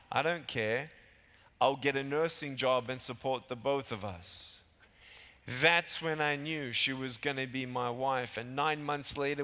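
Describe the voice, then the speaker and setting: A man in his thirties giving a motivational keynote speech in a large convention hall, talking emphatically and climbing high on key points. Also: pushed and bright. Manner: emphatic, punchy, rises high when stressing points. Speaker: keynote speaker. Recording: hall reverb from arena PA.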